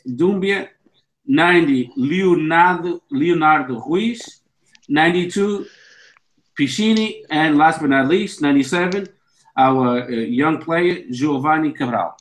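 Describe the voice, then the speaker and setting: A man's voice: on the high side, measured pace, low-quality recording. A man co-hosting a football podcast in casual chat, reading out a long list with stumbles and restarts. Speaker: podcast co-host.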